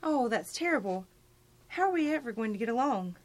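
An actress playing a sensible, wisecracking young roommate in a 1950s radio sitcom. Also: female voice, fairly high pitch, very animated, fairly quick, a little mellow. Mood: brisk.

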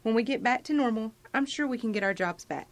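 An actress playing a sensible, wisecracking young roommate in a 1950s radio sitcom. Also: female voice, a little high, lively intonation, quick pace. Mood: brisk.

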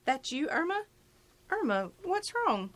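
A sensible, wisecracking roommate. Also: female voice, sits high, sing-song, a little slow, over loud music. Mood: brisk. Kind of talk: 1950s radio sitcom acting.

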